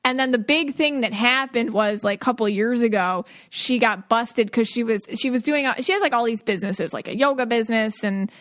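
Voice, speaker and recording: Woman podcast host, higher voice, chatty and rambling, casual talk. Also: fairly bright tone. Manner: chatty, quick asides, frequent fillers. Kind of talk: casual chat.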